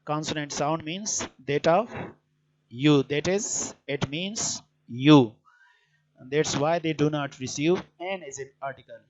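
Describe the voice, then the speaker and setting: Slow, deliberate teacher. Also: male voice, on the high side, a little mellow. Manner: deliberate, with frequent hesitant fillers. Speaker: English teacher. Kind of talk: explanatory grammar lecture. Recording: dull lo-fi recording.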